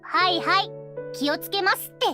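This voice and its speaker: A woman's voice: very high-pitched, fast, sharp tone. A woman voicing a playful young woman, a cheerful habitual liar who teases lightly and speaks of herself in the third person, in game voice acting. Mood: breezy. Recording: roomy game audio with music.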